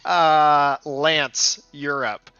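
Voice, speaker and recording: A man running a tabletop game as game master, often laughing and pausing over rules calls. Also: fairly high pitch, flat delivery, bright, forceful tone, clean tone, no room sound, lo-fi sound.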